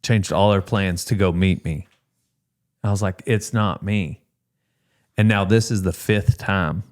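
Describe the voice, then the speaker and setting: A man's voice: sits low, fairly even intonation, unhurried, darkish tone. A man hosting a podcast, telling a story in casual chat and acting out the quotes with big jumps in his voice. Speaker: podcast host.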